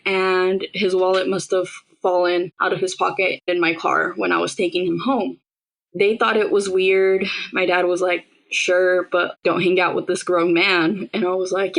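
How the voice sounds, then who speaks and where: A woman's voice: mid-range voice, fairly even intonation, unhurried, gravelly, poor audio. A young woman candidly recounting a painful personal story, quoting what others said. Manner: candid, matter-of-fact retelling with quoted dialogue. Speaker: survivor telling her story.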